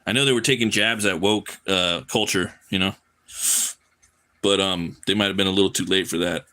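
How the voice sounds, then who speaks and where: A man with a deep, steady, sharp-toned voice talks at normal speed, chatting casually during a live drawing stream. He's loose and profane, often repeating his words as he rambles.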